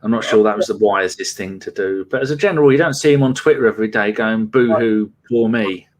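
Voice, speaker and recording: A man co-hosting a casual podcast chat, making measured, reasoned points. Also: lowish voice. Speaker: podcast co-host.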